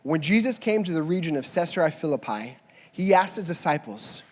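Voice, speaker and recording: A male pastor preaching a sermon, telling a funny story with lively back-and-forth dialogue and then reading scripture. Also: fairly high pitch, a little fast. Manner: animated storytelling, acting out both sides of a dialogue. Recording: hall reverb.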